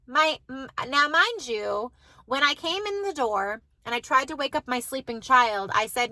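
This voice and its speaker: A woman's voice: high voice, animated, unhurried, sharp tone, no room sound, poor audio. A woman, telling a story to the camera in a chatty way, with lots of "like". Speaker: mom vlogger. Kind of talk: casual chat to camera.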